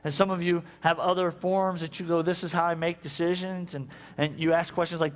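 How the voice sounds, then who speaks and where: A man's voice: high-pitched, a little fast, in a large hall. A male pastor preaching a sermon, telling stories and acting out both sides of conversations. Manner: animated storytelling, acts out conversations. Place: church sanctuary.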